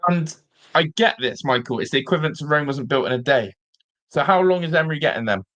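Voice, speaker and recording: A man's voice: on the high side, animated, fast, a bit bright. A man hosting a live-streamed football fan show, ranting in exasperation and repeating himself. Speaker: fan channel host.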